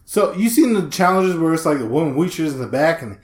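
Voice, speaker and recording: Podcast co-host, male, lively swooping delivery, laughs a lot, echoey room. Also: on the high side, a little fast. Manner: animated, laughs a lot, acts out voices in stories. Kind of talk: casual comedic chat. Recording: roomy echo.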